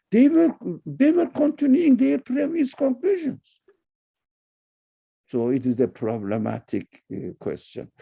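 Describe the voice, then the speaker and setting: In an online religious lecture with a question session, a man speaks forcefully, punctuated by loud, high bursts. His wording is hesitant and non-native, and his voice has a gravelly, breathy edge.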